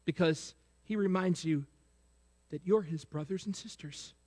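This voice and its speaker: A man's voice: high-pitched, measured pace, darkish tone. A man pastor preaching a sermon. He asks the congregation questions over and over and prompts them to answer. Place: church sanctuary. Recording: long reverb of a church sanctuary.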